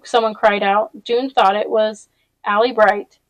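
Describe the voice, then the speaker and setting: A woman reads a novel aloud at a middle pitch and drops in casual personal asides. The recording is close and dry, with no room sound. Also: fairly even intonation, measured pace, no echo, low-quality recording. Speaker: audiobook reader.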